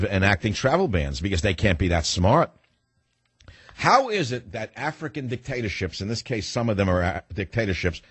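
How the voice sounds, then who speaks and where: Male talk radio host, combative and sarcastic, lowish husky voice. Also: a bit bright, no echo. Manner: sarcastic, rhetorical questions, rapid-fire.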